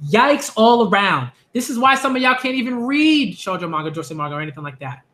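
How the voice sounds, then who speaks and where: A man giving a ranting commentary vlog on manga, animated and exasperated, repeating phrases for emphasis. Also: high-pitched, a little fast.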